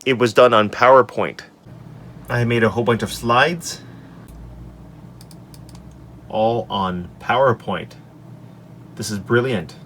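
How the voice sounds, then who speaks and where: A man who teaches English, recorded in his office on a desk microphone, walking through his lesson slides in an upbeat way and saying each example sentence clearly. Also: medium pitch, slow pace, long pauses, fairly bright tone, slight background noise. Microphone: desk microphone on an extension arm.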